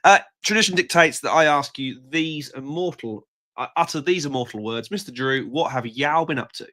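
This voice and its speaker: A man's voice: on the high side, moderate pace, sharp tone. A man co-hosting a live show with wry, theatrical quips. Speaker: co-host. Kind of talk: casual live show chat.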